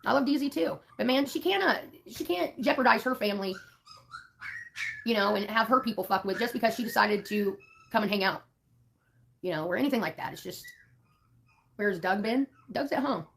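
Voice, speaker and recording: A woman's voice: mid-range voice, moderate pace, vocal fry, pauses often, fairly bright tone, a little hiss or hum. A woman live streaming, chatting casually in a blunt, profane, rambling way.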